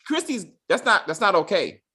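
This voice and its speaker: A man co-hosting a casual TV review, animated and acting out characters' lines in funny voices. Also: high voice, moderate pace, slightly rough. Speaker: podcast co-host.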